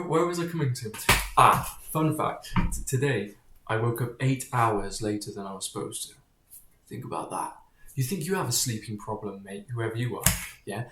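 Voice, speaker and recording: A man's voice: on the low side, fairly bright tone. Rambling man in an echoey room. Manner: digressive, keeps drifting off topic, blunt and profane. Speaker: vlogger. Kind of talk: casual rambling monologue to camera.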